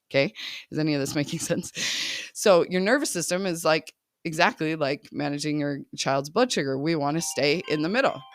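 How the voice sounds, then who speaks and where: A woman's voice: deep voice, no room sound, clean studio sound. A woman podcast host talking casually as a life coach, chatty, often laughing and checking in with listeners.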